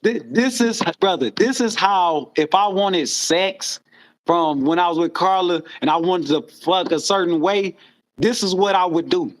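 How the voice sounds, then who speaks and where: A man telling stories in a casual chat, rambling and animated, with a lot of swearing. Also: high voice, unhurried. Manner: rambling, animated storytelling with frequent profanity.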